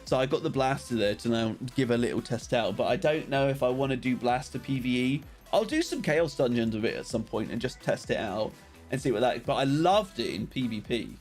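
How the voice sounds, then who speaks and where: A man's voice: medium pitch, lively intonation, a little fast, darkish tone, faint music behind. A young man rambling casually on a game live stream, greeting viewers by name as he plays.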